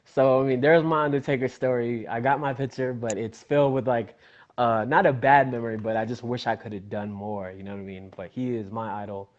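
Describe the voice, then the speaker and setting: A man's voice: mid-range voice, fairly quick. A young adult man, a wrestler, telling a story in a casual interview and acting out the voices in it. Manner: animated storyteller, acts out his own voice and others in quotes. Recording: dull lo-fi sound.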